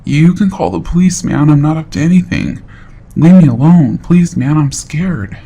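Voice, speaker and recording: A man's voice: medium pitch, normal speed, vocal fry, a little mellow. A man voicing a nervous, shifty young man who stammers and pleads as he lies. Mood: pleading.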